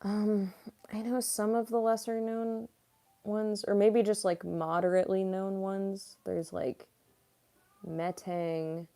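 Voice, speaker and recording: A woman's voice: mid-range voice, level tone, takes it slowly, vocal fry, mellow. A young woman voice actress chatting casually on a livestream Q&A, rambling and using lots of fillers. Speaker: voice actress and streamer.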